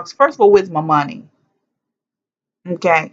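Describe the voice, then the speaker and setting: A young woman telling a personal story to camera in a casual, animated way, blunt and swearing freely, acting out what people said. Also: fairly low pitch, fast, pauses often. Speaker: vlogger. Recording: dull lo-fi sound.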